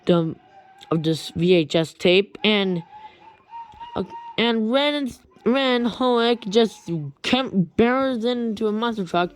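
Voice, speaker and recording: A woman retelling a creepy story in a rambling, halting way with many restarts. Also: fairly high pitch, animated, clean tone.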